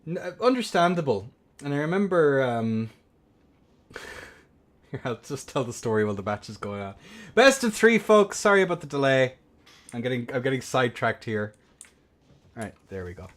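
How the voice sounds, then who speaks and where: A young man hosting a game tournament stream, rambling and swearing between bursts of excited play-by-play commentary. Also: medium pitch, normal speed, long pauses. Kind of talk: casual livestream game commentary.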